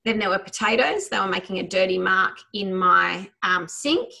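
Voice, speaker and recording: A woman teaching a memory exercise over a video call, guiding listeners through a visualization in a quick, enthusiastic, chatty way. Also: medium pitch, lively intonation, vocal fry, bright, forceful tone. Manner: quick, enthusiastic talker who tries to slow down; chatty, with many fillers. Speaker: memory trainer. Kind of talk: guided visualization lesson.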